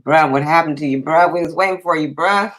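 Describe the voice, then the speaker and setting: A man's voice: a little high, brisk, a bit bright, rough recording. A man hosting a casual live stream, chatting easily and greeting viewers by name.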